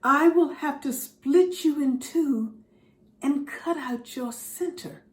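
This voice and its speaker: Woman as a gentle, deliberate master gardener. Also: sits high, echoey room, voice pushed up. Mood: tender.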